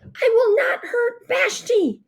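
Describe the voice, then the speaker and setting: A woman voicing a determined young boy who shouts urgently. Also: very high voice, sing-song, a little slow, pitched above the performer's own voice, heavily acted. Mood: pleading. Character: determined boy hero, pleading.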